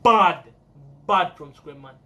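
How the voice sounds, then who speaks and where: A man's voice: high-pitched, slow pace, highs cut off, a little hiss or hum. A young British man reacting to an album in casual, slang-heavy, swear-filled commentary. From United Kingdom. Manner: slangy, swears often, excitable. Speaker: music reaction video host.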